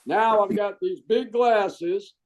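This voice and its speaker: A man from the United States tells old service stories in a casual sit-down interview. His voice sits a touch higher than most men's, and he talks in a loose, animated way, tossing in "man" and circling back on his sentences. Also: slow, low-quality recording. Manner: trails off and restarts often. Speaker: Marine veteran telling his story.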